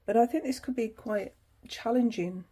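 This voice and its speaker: A woman's voice: a little high, normal speed, mellow. A woman hosting her tarot channel, chatting casually through an unboxing, laughing easily and reading passages aloud.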